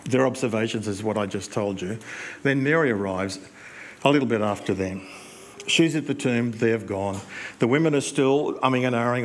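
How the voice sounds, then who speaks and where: A male pastor, preaching in a conversational storytelling way with reflective pauses. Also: mid-range voice. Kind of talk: sermon.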